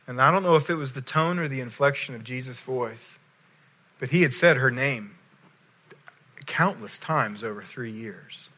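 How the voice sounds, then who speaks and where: A male pastor preaching a sermon, telling a story with swings between loud emphasis and hushed lines. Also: medium pitch, normal speed.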